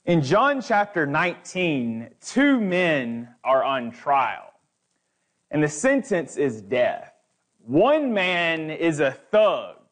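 A man's voice: a little high, very animated, takes it slowly. A man preaching as a guest speaker, building emphatic, repetitive lists. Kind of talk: sermon.

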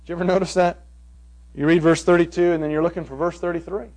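A man preaching an expository sermon, stressing phrases forcefully, then dropping to hushed asides, with many rhetorical questions. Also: a little high, little pitch movement, poor audio. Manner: emphatic, swings from loud stresses to hushed asides; rhetorical questions, drawn-out quoted lines.

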